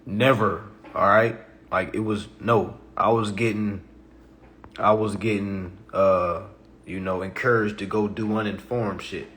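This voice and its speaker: A man hosting a casual livestream, talking emphatically and tagging his points with all right and okay, shifting from low-key talk to loud animated bursts. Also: measured pace. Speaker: livestream host.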